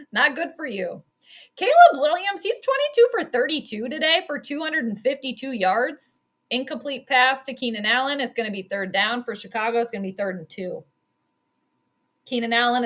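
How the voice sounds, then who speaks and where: A woman hosting casual live play-by-play football commentary, animated and quick to scold and laugh. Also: fairly high pitch. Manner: animated, exclaims and scolds the team, laughs often.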